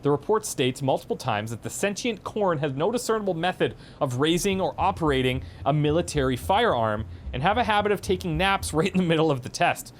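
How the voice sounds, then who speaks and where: A man casually commenting on gameplay, animated and amused, with frequent chuckling asides. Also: a little high, brisk, hardly any pauses, slight background noise. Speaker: let's play host.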